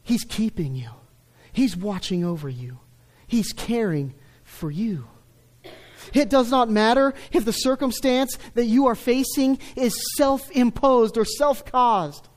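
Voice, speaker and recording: A middle-aged man preaching a sermon, stressing key words loudly and then dropping to a hush. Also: extremely high pitch. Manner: emphatic, swings between loud stresses and hushed lines. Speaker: pastor.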